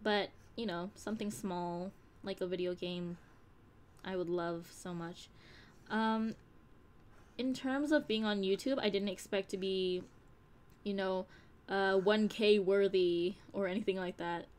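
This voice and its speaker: A woman's voice: medium pitch, fairly even intonation, a little slow. A young woman talking on a live stream, in a candid, rambling way with casual swearing. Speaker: streamer and audio creator.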